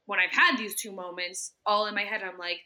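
A woman's voice: mid-range voice, fairly even intonation, brisk, bright, forceful tone. A young woman co-hosting a podcast, telling a story in casual, chatty talk that is full of swearing. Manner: chatty, swears freely, acts out her own panicked inner voice. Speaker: podcast co-host. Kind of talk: casual chat.

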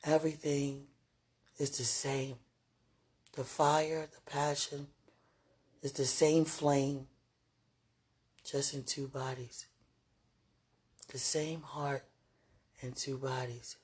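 A woman with a husky, breathy voice speaks tenderly to someone she loves, halting and trailing off into murmurs. Her talk is intimate and prayerful, soft and unguarded. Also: very deep voice, flat delivery. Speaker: partner speaking to a loved one. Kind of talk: intimate emotional monologue with prayer.

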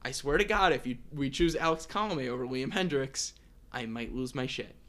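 A young man co-hosting a relaxed sports chat. His voice is bright and forward. He is opinionated and rambling, and he restarts his sentences as he talks. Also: mid-range voice, moderate pace. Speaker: podcast co-host. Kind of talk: casual sports talk.

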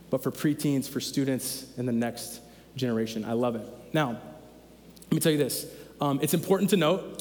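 A man's voice: fairly high pitch, a little mellow, big-room sound. A man in his thirties preaching a sermon as pastor, conversational and emphatic, repeating his key phrases. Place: church sanctuary.

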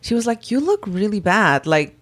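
Woman telling a lively story. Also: mid-range voice, moderate pace. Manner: animated storyteller acting out quoted voices. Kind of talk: casual chat.

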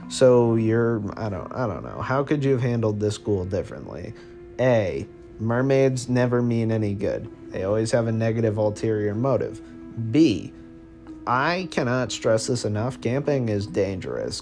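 A man's voice: fairly low pitch, a little mellow. A man hosting a podcast and telling a comedic story in second person, rambling, cursing and cutting himself off. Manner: rambling, profane, self-interrupting. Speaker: podcast host.

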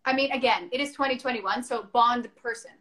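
High-voiced chatty woman host. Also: a little fast, bright, forceful tone. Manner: chatty, enthusiastic, laughs often. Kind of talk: casual chat.

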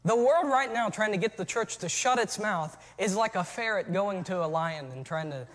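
A man preaching a sermon as pastor, moving from relaxed storytelling to shouted calls to his church. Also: high-pitched, normal speed, in a large hall.

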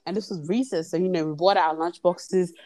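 A woman's voice: lowish voice, steady tone, fairly quick, mellow. A young woman guest chatting on a podcast, telling a story animatedly and swearing freely. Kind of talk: casual chat, storytelling.

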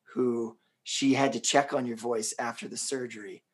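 A man hosting a casual interview, talking in a relaxed, conversational way with lots of fillers. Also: medium pitch, moderate pace, husky. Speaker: podcast host.

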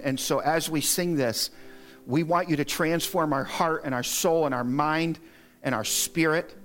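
A middle-aged male pastor giving an earnest, exhorting sermon in a church, lifting his voice to stress his points. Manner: earnest and exhorting, lists points, rises in pitch to stress them. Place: church sanctuary.

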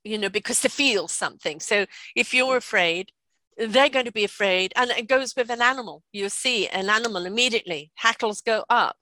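Bright-voiced British woman in her sixties. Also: on the high side, normal speed, no echo. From Britain. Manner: lively, chatty, laughs often, asks "right?". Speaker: guest. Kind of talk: casual storytelling conversation.

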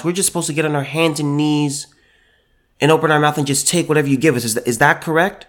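A man's voice: on the high side, fast, a bit bright. A man giving sarcastic, indignant opinion commentary, often repeating and stammering over his words.

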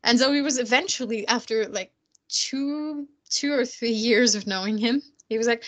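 A woman's voice: a little high, normal speed, fairly bright tone. A woman from Germany, a native German speaker, telling stories in casual English chat with a slight German accent and frequent laughter. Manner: chatty storyteller, laughs often.

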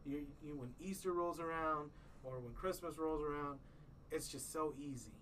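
Brief: thirties male podcast host, bright rambling delivery, a bit off-mic with faint hiss. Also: on the high side, normal speed, far from the mic, poor audio. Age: 30s. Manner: rambling, restarts often, tells stories. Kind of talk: casual chat.

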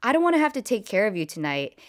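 A woman's voice: mid-range voice, big pitch swings, fast, natural voice. A drunk young guy brushing things off, as a woman storyteller puts him on. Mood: cautioning. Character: drunk young man, mumbling and evasive.

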